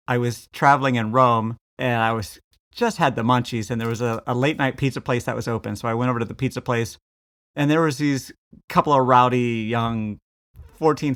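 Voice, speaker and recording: Brief: American male podcast co-host, easygoing, animated anecdote teller, mid-range voice. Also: medium pitch. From United States. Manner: chatty storyteller, animated quoting. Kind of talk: casual chat.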